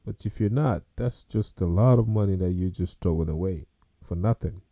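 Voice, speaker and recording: A man's voice: deep voice, moderate pace, mellow, no echo, clean studio sound. A man hosting a podcast, reacting to video clips about car payments with casual, incredulous commentary and laughter. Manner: incredulous, laughs and exclaims at prices.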